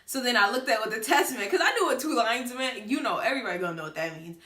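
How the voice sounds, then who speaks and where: A woman's voice: on the high side, animated, fast, sharp tone, echoey room. A late-teen woman telling a personal story to the camera, chatty and casual with many fillers. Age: late teens. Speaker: vlogger.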